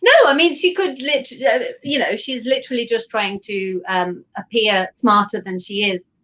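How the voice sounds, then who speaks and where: A woman's voice: medium pitch, moderate pace, bright, forceful tone, poor audio. A woman playing a tabletop game, describing her dwarf character in a playful, casual way. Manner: playful, giggly. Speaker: player. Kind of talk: casual role-play chat.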